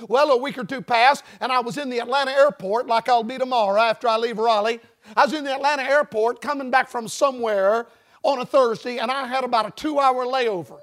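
A man preaching a sermon in a church, his voice pitched strikingly high. He speaks with a folksy, joking manner, then builds to loud, shouted emphasis. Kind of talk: sermon with storytelling. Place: church building before a congregation.

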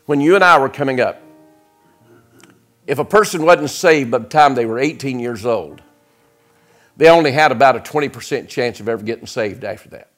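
A middle-aged man preaching in a church sanctuary, building to loud, high-pitched shouts and then dropping to soft, intimate lines. His pitch sits in an ordinary middle range. Faint music plays underneath. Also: animated, normal speed, long pauses. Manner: preaching with rising shouts and sudden drops to quiet. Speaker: guest preacher. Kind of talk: impassioned sermon.

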